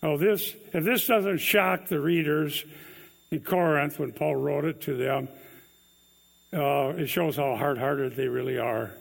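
A man's voice: a little high, unhurried, vocal fry. A man preaching an earnest expository sermon, stressing key words with emphasis. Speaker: pastor.

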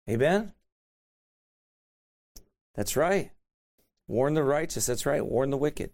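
A man's voice: medium pitch, takes it slowly, creaky, pauses often. A man preaching a sermon, retelling an encounter in a colloquial, emphatic way and repeating key points. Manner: animated, colloquial, emphatic repetition.

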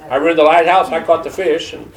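An older man with a Southern Georgia accent preaching a testimony sermon, telling stories in a folksy, halting way with many fillers. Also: a little high, vocal fry. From Detroit. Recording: echoey room from far off.

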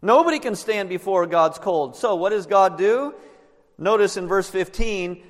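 A man preaches in a high voice, explaining scripture verse by verse. He often turns to the congregation with questions. His voice carries a long reverb from a church sanctuary. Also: measured pace. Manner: explanatory, asks the listeners questions. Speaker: pastor. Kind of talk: sermon.

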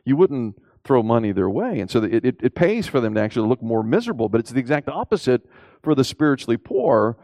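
A man preaching a sermon emphatically, asking rhetorical questions and rising in pitch on key points. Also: very animated, fast talker, mellow, no room sound.

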